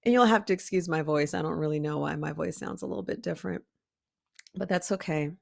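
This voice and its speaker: A woman hosting a motivational talk for artists, preachy and emphatic, with sudden high rises on key words. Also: fast talker, creaky. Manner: emphatic and preachy, calls listeners "baby cakes". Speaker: art coach and podcast host.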